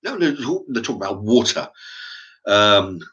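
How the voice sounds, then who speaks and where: A middle-aged man with an English accent, talking in a halting, rambling monologue to his channel's viewers, often stumbling and repeating his words. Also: on the low side, animated, sharp tone, muffled recording. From England. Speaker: YouTube channel host.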